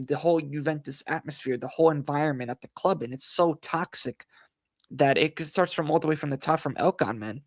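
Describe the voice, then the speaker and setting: A man hosting a football analysis livestream, hoarse from losing his voice, talking in a frustrated, rambling way full of fillers and repeated phrases. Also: a little high, no echo, clean studio sound. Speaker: football channel host.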